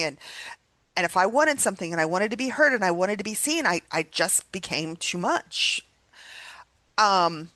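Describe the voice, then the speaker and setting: A woman chats earnestly on a podcast, circling back over her words with restarts. Her voice sits at a middle pitch. The sound is dry and close. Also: a bit bright, no echo. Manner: earnest, with many restarts and repeats. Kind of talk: casual reflective chat.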